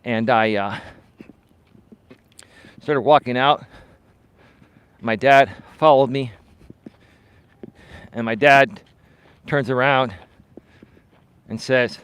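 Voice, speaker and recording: A man hosting a live stream while walking outside, telling a personal story with frank, heated candor. His voice is mid-pitched and dry with no echo, rising and pushing hard in the angry parts. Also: slow, long pauses, smooth. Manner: candid, heated, gets loud and animated retelling anger. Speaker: host, life coach. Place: walking outdoors.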